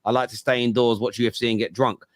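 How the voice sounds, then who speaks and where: A man's voice: mid-range voice, level tone, fast, no echo. Male, late 30s, London accent. Jokey fan-podcast host, dry mic. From England. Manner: jokey, banters and reads out viewer comments. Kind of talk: casual fan podcast debate.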